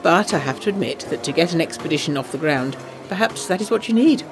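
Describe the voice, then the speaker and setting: A woman narrating a letter in an audio drama, eager and gossipy with quick asides. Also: sits low, lively intonation. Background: jazz music.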